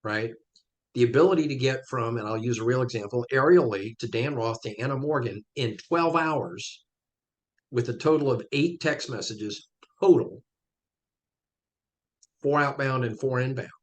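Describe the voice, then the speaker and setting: A man's voice: mid-range voice, normal speed, pauses often. A man, a guest on a podcast interview, explaining his points emphatically with step-by-step examples.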